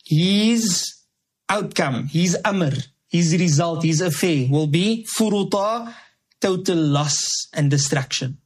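A man's voice: slow, slightly rough. A man giving a verse-by-verse Quran commentary, explaining Arabic words in English and asking rhetorical questions, with emphatic repetition. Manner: emphatic repetition, lively rises in pitch. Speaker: Quran teacher.

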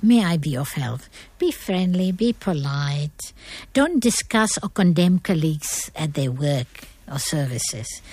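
A woman's voice: medium pitch, a little mellow, dry recording. Middle-aged woman, guest speaker, earnest lecturing tone, very dry voice. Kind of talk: motivational talk on manners.

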